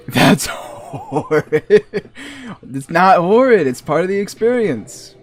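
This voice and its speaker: A man's voice: high-pitched, sing-song, takes it slowly, soft background music. A man with a Massachusetts accent chatting casually while streaming a game, rambling and chuckling between asides. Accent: New England (Massachusetts). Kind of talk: casual chat while gaming.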